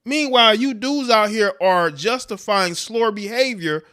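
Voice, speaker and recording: A man's voice: high voice, measured pace, bright, forceful tone. A man hosting a livestream, giving blunt, profane commentary on clips and chat with frequent laughs. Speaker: livestream host reacting to clips.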